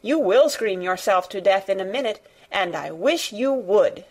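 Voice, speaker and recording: A woman voicing a fierce, bossy little girl who shouts and scolds. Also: medium pitch, lively intonation, measured pace. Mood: furious.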